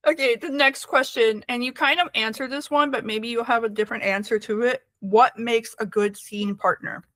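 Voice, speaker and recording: A woman interviewer who chats casually, talking fast and teasing herself. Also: a little high, fairly even intonation, a bit bright, no echo. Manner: chatty, fast-flowing, self-deprecating. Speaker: interviewer, reviewer.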